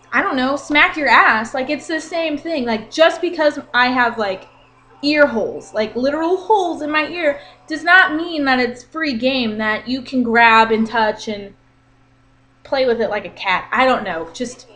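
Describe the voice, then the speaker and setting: A woman in her twenties telling an exasperated story in a casual vlog rant, animated and talking with her hands. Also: high-pitched. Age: 20s. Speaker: vlogger.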